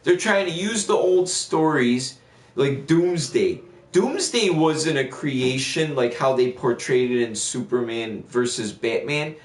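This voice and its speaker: A man talking casually on a game livestream, in a voice of ordinary middle pitch. He rambles through a profane rant, full of fillers and restarts. The room around him sounds roomy and echoey. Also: expressive, slow. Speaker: gaming livestreamer. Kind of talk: casual chat while streaming.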